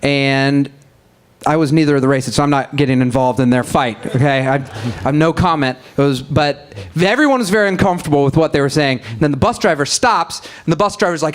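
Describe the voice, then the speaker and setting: A man's voice: fairly high pitch, fairly quick, clean tone. Wry, chatty man on a live podcast. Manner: chatty, wry asides, breaks into laughter. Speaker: podcast co-host. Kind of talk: live comedic storytelling. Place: live show at a music venue.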